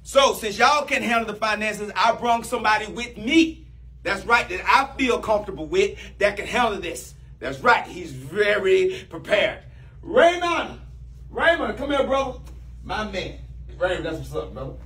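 High-voiced bossy man. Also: very animated, moderate pace. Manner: bossy, loud and teasing, swings pitch a lot. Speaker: comedian playing a new boss. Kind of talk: improvised comedy sketch.

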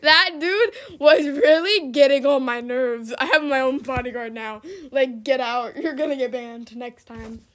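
A woman's voice: sits high, measured pace, hardly any pauses, fairly bright tone. A young woman giving casual, dramatic gameplay commentary, laughing often and exclaiming. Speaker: gaming video creator.

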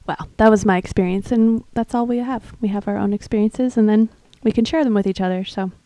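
A woman's voice: medium pitch, steady tone, a little fast, dry recording, poor audio. A woman hosting a music livestream, chatting casually and rambling between songs with a tired voice. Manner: chatty, rambling, soft and laughing.

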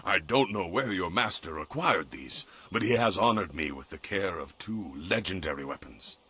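A dignified old weapon master from a video game, with a low, husky voice and a lively, swooping delivery. His speech is formal and measured, like a patient teacher. The sound is dry and close. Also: exaggerated voice.

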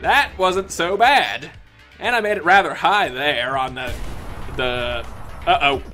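With a high, very bright and animated voice, this gaming video creator rants through his gameplay, swearing and shouting at the game before dropping to low mutters between outbursts. He speaks at an unhurried pace, and faint music plays in the background.

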